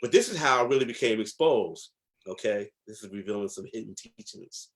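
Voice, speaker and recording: A man from New Jersey with a rather low voice talks through his memories as an interview guest. He speaks reflectively and with emphasis, pausing on fillers as he builds each point. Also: lively intonation, fairly bright tone. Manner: reflective, slow, emphatic storytelling with many fillers. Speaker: guest, historian. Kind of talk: casual interview storytelling.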